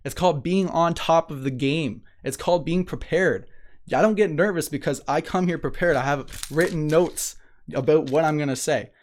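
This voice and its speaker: A man's voice: on the high side, moderate pace. A man hosting a motivational podcast, talking energetically and emphatically, repeating phrases, restarting sentences and laughing often. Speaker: podcast host.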